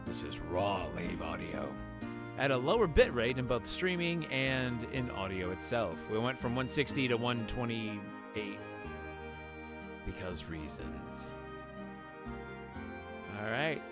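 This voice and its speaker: A man's voice: medium pitch, sing-song, measured pace, pauses often, over music. A man streaming a game live, chatting playfully and joking with his chat.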